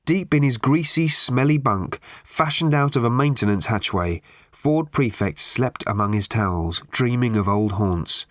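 A man narrating an audiobook with dry, expressive storytelling. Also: mid-range voice, a little slow, no echo. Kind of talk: scripted narration.

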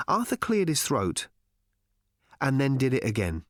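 A man narrating an audiobook in a dry, measured, wry storytelling manner. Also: lowish voice, sing-song, fairly bright tone, no room sound.

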